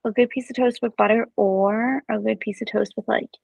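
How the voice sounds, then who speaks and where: A woman's voice: on the high side, a little fast, gravelly, dry recording, poor audio. A young woman co-hosting a podcast, chatting casually and acting out quotes as she tells stories. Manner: animated storyteller who acts out quotes. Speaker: podcast co-host. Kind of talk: casual chat.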